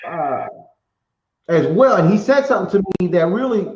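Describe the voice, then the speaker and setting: A high-voiced male podcast host muses on grit and persistence in a reflective tone. His voice comes through muffled and echoey, over what sounds like a remote call. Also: lively intonation, normal speed. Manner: reflective, motivational musing. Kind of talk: casual podcast chat.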